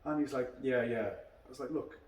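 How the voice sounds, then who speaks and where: Talking a little fast with a medium-pitched voice, a karate instructor and podcast host shares meandering stories over a beer, performing the lines of the people in them. His voice echoes around the room, picked up by a distant mic.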